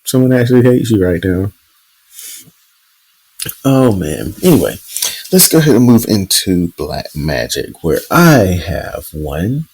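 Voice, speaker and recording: A man co-hosting a podcast, telling a news story in relaxed casual chat with plenty of fillers. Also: sits low, measured pace, pauses often, a little hiss or hum, poor audio. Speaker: podcast co-host.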